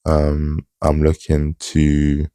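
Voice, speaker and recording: A young man, talking casually and low-key in a monotone to camera for his own vlog. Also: drawn-out words, no room sound, clean studio sound. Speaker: channel host. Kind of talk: casual solo vlog chat.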